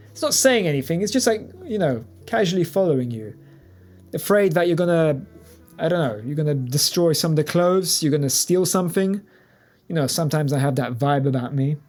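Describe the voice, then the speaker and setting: A man spinning a sarcastic comic anecdote, his voice rising and falling in a lively way. Faint music plays behind him. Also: fairly high pitch. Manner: sarcastic, animated. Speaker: comedian. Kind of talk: comedic storytelling.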